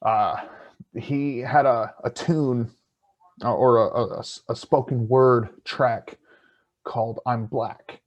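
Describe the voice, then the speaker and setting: A man's voice: medium pitch, fairly even intonation, takes it slowly, dull audio. A man from South Dakota co-hosting a podcast, talking casually with many "uh"s and restarts and some easy swearing. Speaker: podcast co-host. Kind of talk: casual live-stream chat.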